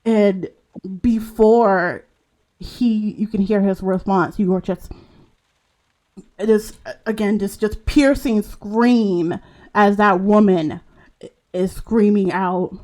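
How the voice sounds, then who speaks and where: A woman narrating a tabletop game as game master, halting and full of fillers as she describes scenes. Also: mid-range voice, steady tone, warm tone. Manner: slow, halting narration with many fillers and restarts.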